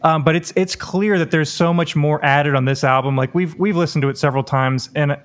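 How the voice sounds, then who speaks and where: A man's voice: fairly high pitch, steady tone, a little fast, clean tone. A man interviewing a band in a casual chat, enthusiastic and full of fillers like "like" and "um". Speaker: podcast interviewer.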